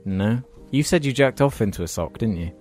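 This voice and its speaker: Male podcast co-host, teasing and giggly, animated delivery. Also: mid-range voice, a little fast, soft background music. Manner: laughs often, teasing. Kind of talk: casual banter.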